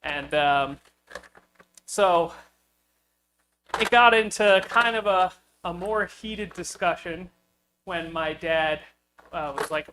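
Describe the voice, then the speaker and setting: A man's voice: on the high side, fairly even intonation, moderate pace, background noise. A man hosting a car-building video, telling a story casually with lots of fillers and chuckles. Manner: rambling, with frequent fillers and chuckles.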